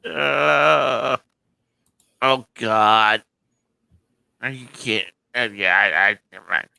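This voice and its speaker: A man's voice: medium pitch, takes it slowly, vocal fry, sharp tone, clear, resonant tone, no room sound. A man co-hosting a casual podcast, joking and laughing a lot and stumbling into his punchlines. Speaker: podcast co-host. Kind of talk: casual chat.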